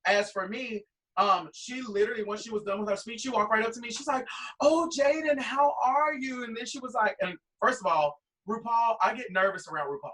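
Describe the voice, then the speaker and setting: A drag performer guest telling a long, rambling anecdote full of quoted dialogue. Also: male voice, high voice, fast, few pauses, bright, forceful tone, recorded from a distance, low-quality recording. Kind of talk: animated storytelling.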